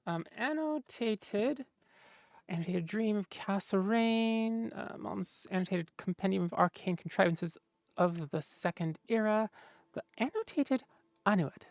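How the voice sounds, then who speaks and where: A woman's voice: medium pitch, unhurried, a little mellow, dry recording. A woman streamer chatting casually with viewers, rambling and mumbling to herself with lots of fillers.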